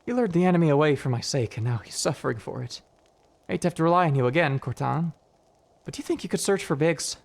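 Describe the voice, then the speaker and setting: A man voicing a frightened small male adventurer in a put-on Irish accent, stammering and gravelly as he reads game dialogue. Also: fairly high pitch, lively intonation, fast talker, pitched above the performer's own voice. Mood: worried. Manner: jittery, breathless pleading. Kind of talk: voice acting a game's dialogue on a live stream.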